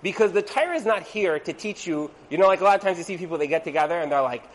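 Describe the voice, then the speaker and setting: A man's voice: high-pitched, expressive, rapid-fire. A man giving a casual evening class on Torah and marriage, chatty and full of rhetorical questions, acting out quoted voices. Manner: conversational, asks rhetorical "right?", acts out quoted voices.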